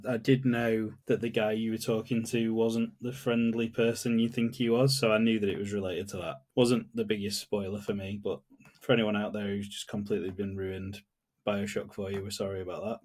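Low-voiced man in easygoing podcast chat. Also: darkish tone, slightly rough. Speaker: podcast co-host. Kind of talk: casual gaming podcast chat.

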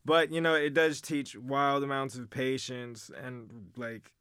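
A young man in his twenties, a podcast guest, talking excitedly with lots of slang and fillers. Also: mid-range voice, a little slow, clean tone, no echo, studio quality. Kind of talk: casual chat.

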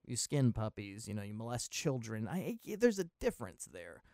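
A man hosting a podcast, talking about films in a rambling, profane way, full of restarts and sudden loud bursts. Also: medium pitch, big pitch swings, moderate pace, no room sound, studio quality. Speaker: podcast host. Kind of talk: casual film review monologue.

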